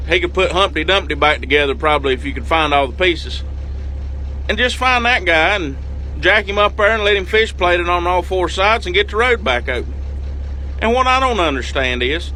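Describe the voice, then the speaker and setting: A young man, a farmer from North Carolina with a Southern accent, talking in a casual, folksy drawl that he slows down on purpose. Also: high voice, pushed and bright, slight background noise, low-quality recording. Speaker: farmer and video creator.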